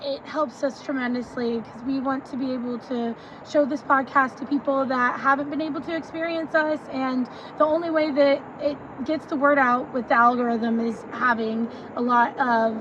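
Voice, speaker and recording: A young adult woman co-hosting a casual podcast outdoors, chatty and quick to laugh. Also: high voice, fairly even intonation. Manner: chatty, laughs easily, Southern "y'all". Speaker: podcast co-host. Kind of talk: casual chat. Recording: dull lo-fi outdoor audio with traffic noise.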